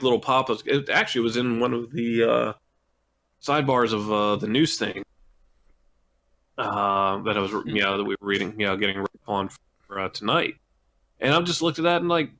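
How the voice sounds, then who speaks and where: Rambling co-host of a gaming podcast. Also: male voice, mid-range voice, bright, forceful tone. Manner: rambling, hesitant, joking. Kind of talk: casual gaming podcast chat.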